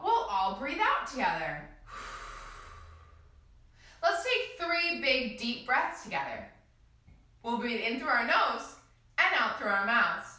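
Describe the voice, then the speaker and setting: Bright, sing-song kids' yoga teacher, a woman; room echo, voice off-mic. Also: high voice. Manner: sing-song, gently encouraging, speaks to small children. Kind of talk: children's yoga class instruction. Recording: echoey room, voice from a distance.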